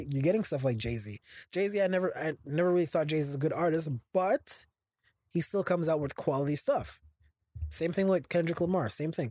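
A man's voice: on the high side, warm tone, no room sound, clean studio sound. A man co-hosting a casual podcast, ranting with strong opinions and frequent restarts. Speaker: podcast co-host.

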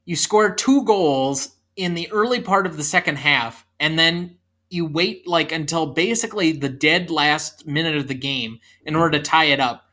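A podcast co-host trades opinions in a casual movie review chat. The voice is bright and forward, at a middle pitch. The tone stays dry and sarcastic as it picks a film apart. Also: moderate pace. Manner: sarcastic, dismissive critique.

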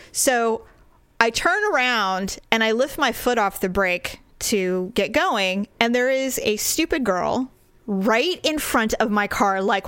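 A woman in her forties tells a story in casual conversation, animated and full of quick asides. Her voice is smooth and clear. The recording is dry and close, with no room sound. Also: medium pitch, no room sound.

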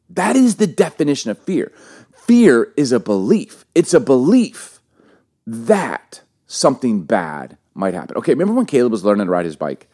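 A man in his forties co-hosting a casual talk, an animated storyteller who repeats phrases for emphasis. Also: mid-range voice. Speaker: podcast co-host. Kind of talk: casual chat with teaching.

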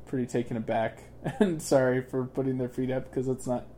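A man's voice: mid-range voice, fairly even intonation, brisk, dark tone, a little hiss or hum. A man student talking easily about his travels, with light laughs. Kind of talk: casual interview advice.

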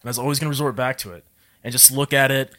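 A man with a bright, forward voice at a middle pitch chats easily in a podcast. He tells his stories in a relaxed way, full of casual slang. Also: racing. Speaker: former Marine.

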